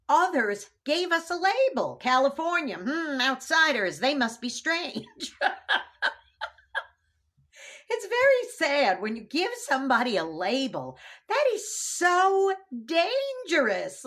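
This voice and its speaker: Chatty woman host with a lively voice. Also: on the high side. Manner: chatty, animated, laughs often. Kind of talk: casual talk to camera.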